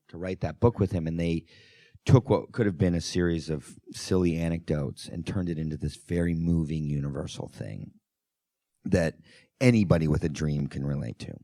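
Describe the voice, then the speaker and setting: A man, a film director, telling anecdotes in an animated, laughing way as a guest at a Q&A. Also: low voice, no room sound, clean studio sound. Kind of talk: anecdotal storytelling at a Q&A.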